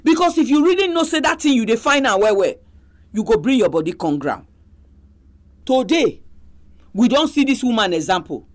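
Nigerian woman preacher, animated sermon delivery, keeps firing rhetorical questions at the congregation. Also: a little high, moderate pace, pauses often. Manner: exhorting, full of rhetorical questions.

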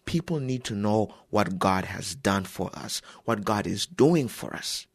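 A man's voice: fairly low pitch, lively intonation, measured pace, slightly rough, dry recording, clean studio sound. A man hosting a Christian radio program and speaking directly to his listeners. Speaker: radio host.

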